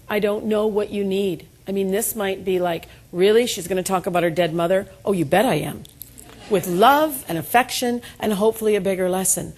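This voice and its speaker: Woman giving a lively motivational talk. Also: medium pitch. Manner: storytelling, self-deprecating humor, rousing call-and-response. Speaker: keynote speaker. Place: event room before an audience.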